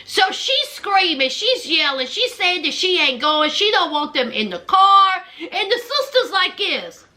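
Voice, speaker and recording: A woman casually recapping a reality show, animated and acting out everyone's lines. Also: sits high, moderate pace, few pauses.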